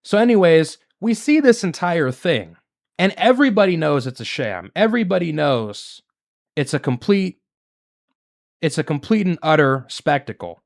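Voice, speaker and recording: Male commentator, outraged, emphatic, slightly high voice with big swings in pitch. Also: sing-song, moderate pace, vocal fry. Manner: indignant, emphatic, repetitive rhetorical questions. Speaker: political commentary host. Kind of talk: solo political commentary.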